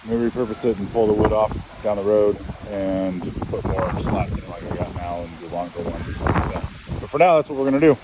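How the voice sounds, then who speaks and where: A man's voice: on the low side, quick pace. A man casually talking through a woodworking project on his homestead, thinking aloud as he goes. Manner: easygoing, thinking aloud while working. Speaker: homestead vlogger. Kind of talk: casual vlog talk. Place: outdoors on a rural homestead. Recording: loud outdoor background noise.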